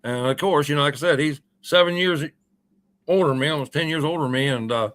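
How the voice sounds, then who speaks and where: This is a man in his sixties, a guest on a radio show, telling a long personal story in a loose, folksy manner. His voice sits a little high and sounds bright and forward, and he wanders through his sentences with plenty of uhs and ums. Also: fast talker. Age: 60s. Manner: rambling, folksy, full of uh and um. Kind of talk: casual storytelling.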